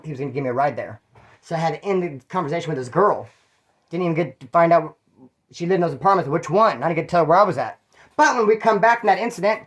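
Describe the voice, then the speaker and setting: A middle-aged man, telling his own stories in a rambling, slangy way and acting out the people he quotes. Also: fairly high pitch. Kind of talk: casual storytelling monologue.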